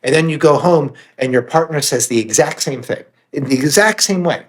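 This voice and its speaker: This man, an author and meditation teacher, joins a podcast as a guest for a candid chat. Earnest and reflective, he swears now and then for emphasis, speaking fairly quickly in a fairly high voice.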